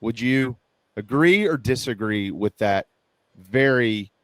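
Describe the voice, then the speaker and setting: A man hosting a sports talk radio show in a casual, folksy way, joking and rambling with frequent restarts. His voice is dry and close on a studio microphone, sitting at a middle pitch. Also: lively intonation, slow, no echo.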